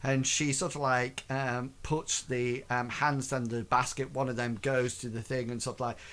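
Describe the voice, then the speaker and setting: A man narrating a tabletop game as game master, halting and full of fillers. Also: medium pitch, little pitch movement, a bit bright.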